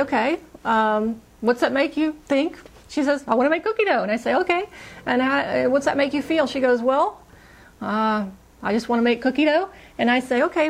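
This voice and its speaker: A woman recounting a hypnosis session in a lively, animated way, her voice sitting a little high. She jumps up in pitch whenever she voices the client's scared lines. It sounds like casual podcast storytelling. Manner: animated, acts out client's quotes in higher voice.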